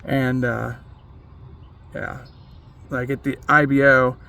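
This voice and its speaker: A man in a casual vlog speaks in a gravelly, mid-range voice, open and self-critical. His talk is loose and unscripted, peppered with "like" and frequent swearing. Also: mid-range voice, level tone, slow, bright, forceful tone. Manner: candid and self-critical, swears freely, many "like" fillers. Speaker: vlogger and competitive archer.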